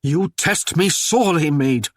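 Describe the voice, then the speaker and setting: Man doing a commanding Norman warlord, harsh archaic speech, slow and firm, dry sound. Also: fairly high pitch, lively intonation, no room sound. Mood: stern, commanding.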